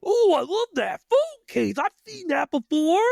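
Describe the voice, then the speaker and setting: A man imitating a loud, creepy, overexcited male store cashier in a high, shrieking squeal. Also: big pitch swings, a little slow, vocal fry, dry recording, studio quality, heavily acted. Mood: gushing.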